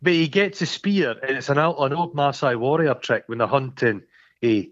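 A man's voice: mid-range voice, moderate pace, dull audio. A man co-hosting a casual film review podcast, rambling and joking with crude swearing. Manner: rambling, jokey, swears freely. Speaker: podcast co-host.

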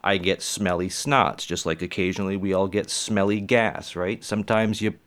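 A man's voice: low-pitched, level tone, normal speed, fairly bright tone. A man who does stand-up comedy, talking casually and rambling to his viewers, with lots of swearing. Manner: rambling, profane, chatty.

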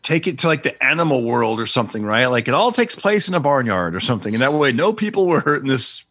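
A man's voice: mid-range voice, sing-song, quick pace, fairly bright tone, slightly rough, dry recording, studio quality. A married man co-hosting a casual chat, easygoing and laughing often.

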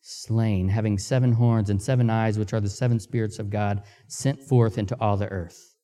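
A man preaching a sermon, reading scripture aloud and pausing to ask the congregation questions, with Amharic as his first language. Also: fairly low pitch, steady tone, mellow. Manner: slow, deliberate pacing with emphatic pauses. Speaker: missionary preacher.

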